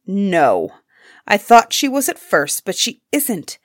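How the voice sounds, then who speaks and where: A woman's voice: mid-range voice, huge pitch swings, slow pace, no room sound, studio quality, exaggerated voice. A woman voicing an angry young prince who speaks sternly and accusingly.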